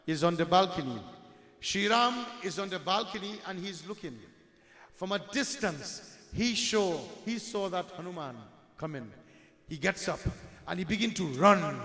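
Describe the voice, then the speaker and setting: A man's voice: high voice, a bit bright. A man telling a devotional story as a sermon, calling listeners his dear friends and mixing in Hindi devotional words. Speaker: religious storyteller. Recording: echoey hall with long reverb.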